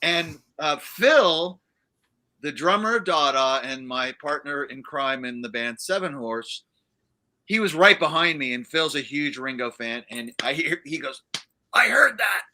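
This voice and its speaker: A man's voice: mid-range voice, measured pace, pushed and bright. A man, a guest musician, telling a rambling story in casual chat on a livestream, with many fillers and restarts. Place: livestream studio.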